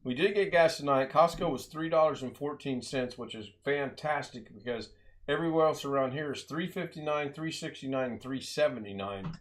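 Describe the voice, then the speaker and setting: A man's voice: mid-range voice, fairly quick. Chatty, laughing streamer man. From United States. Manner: chatty, laughs often, rambling asides. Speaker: live stream host. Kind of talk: casual live stream chat.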